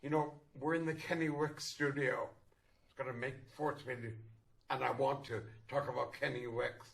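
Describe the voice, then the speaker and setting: A man's voice: mid-range voice, steady tone, normal speed, creaky. A man, a stage performer, telling a wry theater anecdote with chuckles along the way. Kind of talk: anecdotal storytelling.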